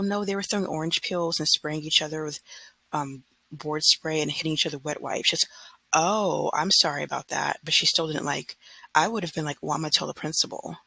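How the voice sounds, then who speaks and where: A woman's voice: sits low, gravelly, pushed and bright, breathy edge, dry recording, low-quality recording. A woman in her thirties, a substitute teacher, venting casually and acting out what she told her class. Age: 30s. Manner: exasperated, retells scenes with quoted dialogue.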